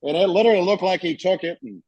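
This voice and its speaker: A man in casual chat as a podcast co-host, telling animated stories and acting out quotes with frequent swearing. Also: sits high, fast, no room sound, muffled recording. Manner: animated storyteller, swears freely, acts out quotes.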